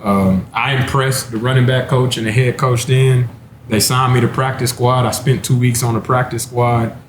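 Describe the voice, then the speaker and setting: A man's voice: medium pitch, steady tone, moderate pace, noisy background. Laid-back man telling a laughing story. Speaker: former NFL running back, panelist. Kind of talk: casual storytelling chat. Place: wine bar, indoors. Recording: roomy with faint ambience.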